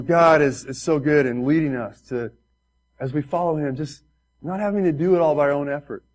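Pastor guy giving a sermon, mid pitch, earnest and chatty, talks right at the congregation. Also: darkish tone, poor audio. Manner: earnest, conversational preaching with direct asides to the congregation.

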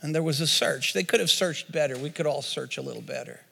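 A man's voice: a little high, fast, gravelly, sharp tone, husky, big-room sound. A man preaching a sermon as pastor, telling a story with quoted voices and repeated words, then leading a prayer.

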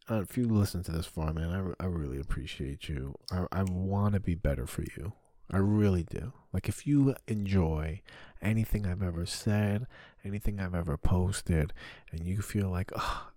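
A man's voice: low voice, warm tone, dry recording, studio quality. A man hosting his own podcast alone, rambling and swearing through self-deprecating comedic confessions. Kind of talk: solo comedic confessional talk.

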